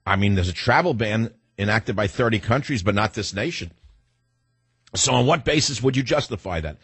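Husky sarcastic talk radio host, man. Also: lowish voice, expressive, a bit bright, no echo. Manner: sarcastic, rhetorical questions, rapid-fire. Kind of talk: combative talk radio monologue.

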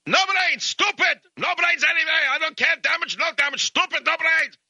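A man playing an enraged Russian man who keeps yelling in broken English with a Russian accent. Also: normal speed, dry recording, clean studio sound, exaggerated voice. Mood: furious. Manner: shrill, repetitive yelling.

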